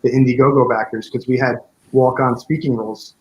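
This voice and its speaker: A man in a relaxed interview talks through how his fan film came together. He rambles, leaning on fillers and restarting his sentences. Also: mid-range voice, fairly quick, highs cut off. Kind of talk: casual interview chat.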